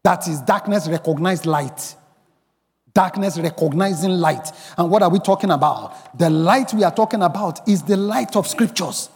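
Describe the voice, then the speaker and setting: A man preaching a sermon as pastor, emphatic, rising to shouts and bursts of song. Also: sits high, moderate pace, in a large hall. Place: church.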